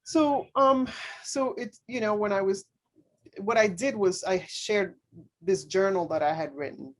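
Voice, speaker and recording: A woman speaking as a podcast guest, telling a personal story in earnest, halting speech full of fillers and restarts. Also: medium pitch, a little hiss or hum. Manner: earnest, speaks openly about faith.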